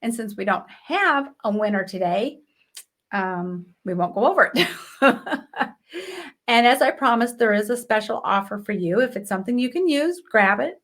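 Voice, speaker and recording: A woman's voice: medium pitch, animated, moderate pace, fairly bright tone. A woman hosting a live business show, teaching marketing in a chatty, direct way with rhetorical questions.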